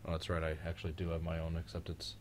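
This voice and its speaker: A young man with a very deep voice chats casually over a live race stream, joking around and getting loud at tense moments. A faint hiss sits under the recording. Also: monotone, very fast. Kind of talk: casual live reaction chat.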